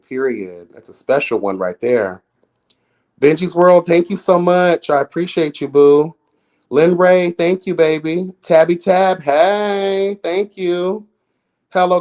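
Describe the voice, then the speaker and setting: Sassy, flamboyant male streamer. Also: darkish tone. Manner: sassy, flamboyant, swears often; jumps into high exclaims. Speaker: live streamer. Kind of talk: casual live-stream commentary.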